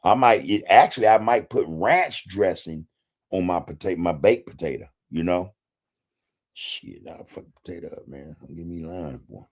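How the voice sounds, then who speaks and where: A man's voice: sits low, moderate pace, darkish tone. A man hosting a casual livestream, reading chat comments in a laid-back way, swearing freely and chuckling often. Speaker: podcast host reading live chat.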